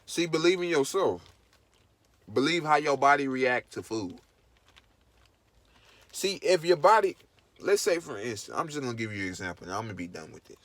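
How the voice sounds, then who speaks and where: A man's voice: mid-range voice, sing-song, moderate pace, pauses often, a bit bright, no echo. A man vlogging in casual to-camera commentary, emphatic and preachy, repeating his points over and over.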